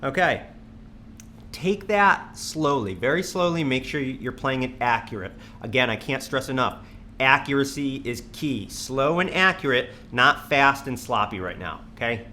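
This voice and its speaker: A man teaching a drum lesson, patiently counting sixteenth notes aloud and stressing slow, accurate practice. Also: slight background noise. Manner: patient, repeats counts in a low steady voice. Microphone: studio mic on a stand near the kit.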